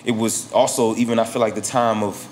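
A man from South Florida, a guest rapper in his thirties, talking through his career in a relaxed, reflective way in a casual interview. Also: fairly low pitch, fairly quick, slight background noise. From South Florida, USA. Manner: laid-back, reflective, with frequent "you know what I'm saying".

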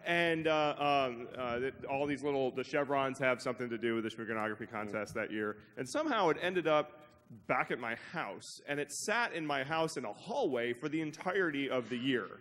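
A man's voice: medium pitch, normal speed, fairly bright tone. A man on a conference stage telling a rambling, self-mocking story with a laugh. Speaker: conference organizer. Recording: crowd noise in a hall.

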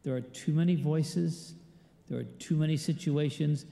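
Gravelly pastor preaching in a big church. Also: male voice, fairly high pitch, steady tone, normal speed, mellow. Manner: conversational preaching, quizzes the congregation. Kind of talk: sermon. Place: large church. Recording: echoey church hall with long reverb.

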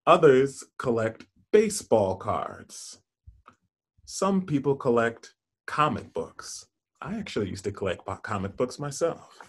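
A man's voice: mid-range voice, sing-song, measured pace, breathy edge. A man reading a children's picture book aloud, stopping to ask questions, point out the pictures and savour single words. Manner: warm, encouraging, asks listeners questions and points at pictures; lingers playfully on single words. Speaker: storybook reader for children.

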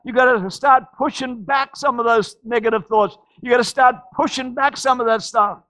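A man preaches a sermon with a very high voice for a man. He tells stories in a loose, halting way, full of restarts, then shouts out the key words. The sound is close and dry, with no room behind it. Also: no echo. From Australia. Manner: storytelling with shouted climaxes and frequent restarts. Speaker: pastor.

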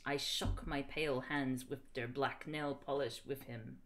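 A woman's voice: extremely low pitch, a little slow. A young woman reading fan fiction aloud on a stream, joking and laughing along. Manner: animated, laughing, joking asides.

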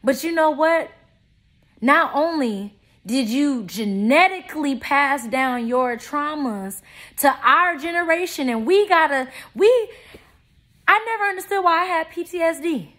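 A young adult woman in an unscripted vlog monologue, talking in a blunt, profane and confrontational way, with loud outbursts and low asides. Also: animated, measured pace. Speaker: vlogger.

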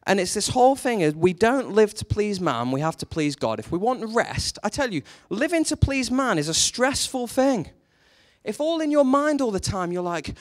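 A man preaching a sermon, telling a story with lively energy and briefly acting out the characters in it. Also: high voice, normal speed. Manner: animated storytelling, acts out quoted characters.

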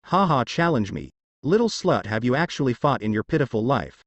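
Calm, cruel king of gods, taunting, read by a man. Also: medium pitch, brisk, no room sound, dull audio. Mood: scornful.

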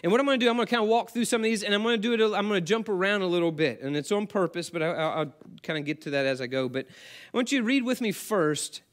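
A man's voice: high voice, fast talker. A man preaching a sermon as pastor, talking conversationally and asking the congregation questions.

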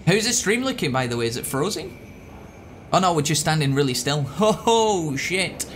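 Crude, excitable high-voiced gamer. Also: male voice, normal speed, a little hiss or hum. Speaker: let's play host. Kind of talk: profane gameplay commentary.

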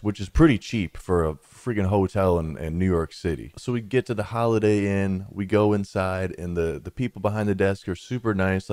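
A man's voice: deep voice, a little mellow. A young man tells a travel story in a casual, rambling way, often saying "man" and "dude". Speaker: vlogger telling a travel story.

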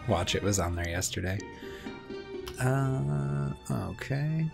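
A man's voice: mid-range voice, lively intonation, takes it slowly, gravelly, music in the background. A man giving casual, muttering commentary while playing a video game, swearing and talking to himself. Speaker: gameplay commentator. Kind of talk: casual let's-play commentary.

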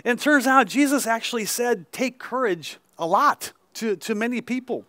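A male pastor preaching a conversational sermon at an outdoor service, peppering his reading with "right?" asides and quick restarts. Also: extremely high pitch, animated, bright, forceful tone, no room sound.

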